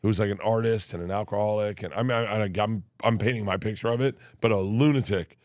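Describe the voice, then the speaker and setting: A man with a low voice telling a long, rambling story in casual conversation, stopping and restarting as he goes. The sound is dry and close to the mic. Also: a little fast, a little mellow, no room sound. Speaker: comedian guest. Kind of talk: casual chat.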